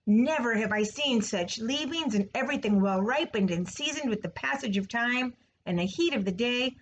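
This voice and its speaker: A woman reading as a hoarse, greedy storybook rat who sneers and gloats over his own feasts. His voice rises and drops unevenly and gets a little raspy at the edges. He sounds stuffed and smug. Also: a little high, expressive, normal speed, muffled recording, slight background noise, close to an everyday voice. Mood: gloating. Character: gluttonous gloating male rat.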